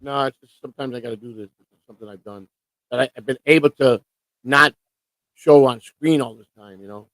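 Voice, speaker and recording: A man's voice: medium pitch, brisk, fairly bright tone, no room sound, low-quality recording. Rambling man in easy stream chat. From Chicago. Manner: rambling, repeats himself, trails off. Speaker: co-host. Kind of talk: casual live-stream chat.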